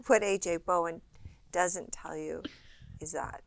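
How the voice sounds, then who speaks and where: A woman with a fairly low voice tells an improvised story on a podcast, playful and giggly, and sometimes trails off. Faint background noise sits under her voice. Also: animated, takes it slowly, vocal fry.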